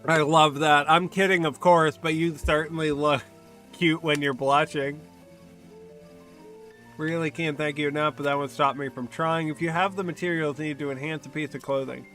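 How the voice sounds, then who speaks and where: A man voicing a flirty, teasing female fairy from a video game, reading her lines loudly and theatrically. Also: on the high side, fairly even intonation, moderate pace, soft background music, lightly acted.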